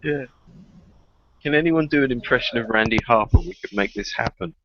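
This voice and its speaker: A man's voice: fairly high pitch, animated, fairly quick, gravelly, highs cut off, slight background noise. A man, trading jokes and teasing banter in a casual chat. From England.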